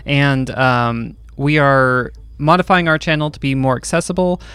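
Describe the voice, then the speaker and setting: A man's voice: mid-range voice, steady tone, moderate pace, a bit bright, clean tone, no room sound. A man hosting a tabletop game podcast as game master, talking with frequent ums and uhs. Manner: hesitant, many ums and uhs. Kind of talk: casual podcast chat.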